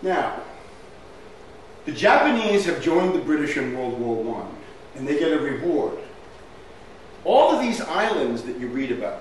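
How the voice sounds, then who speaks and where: A man's voice: medium pitch, a little hiss or hum. A man giving a history lecture over slides in an emphatic way, often asking "right?" as he goes. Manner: emphatic, asks rhetorical questions, says "right?" often. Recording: very echoey room from far off, faint ambience.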